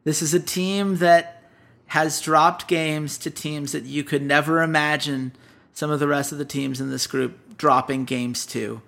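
A man co-hosting an esports analysis show, talking through a team's weaknesses in a brisk, emphatic way and putting questions to his co-host. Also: on the high side, steady tone, creaky, a bit bright. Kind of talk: casual analysis chat.

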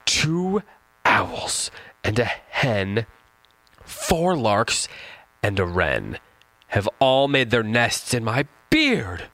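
A man voicing a fretful old man whose beard is full of birds, in a dramatic, drawn-out comic recitation. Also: mid-range voice, wildly swooping pitch, fairly bright tone, dry recording, full character voice. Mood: alarmed.

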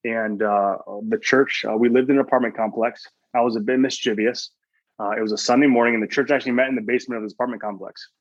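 A man in a podcast interview, telling a personal story earnestly and often restarting mid-sentence. His voice sits at an ordinary pitch. The recording is a little muffled and very dry. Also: steady tone, quick pace, dry recording. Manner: earnest storytelling, quoting his own thoughts, frequent restarts. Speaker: guest, sports chaplain.

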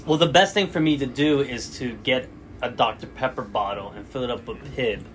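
A man's voice: mid-range voice, fairly quick, a little hiss or hum. A man in casual shop banter, playful and teasing.

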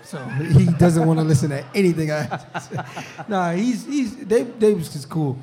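A man's voice: a little high, normal speed, mellow. A young man, a football player guest on a live show in a restaurant, telling stories in a loose, laughing way and often saying "you know what I'm saying.". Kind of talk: casual live-show chat.

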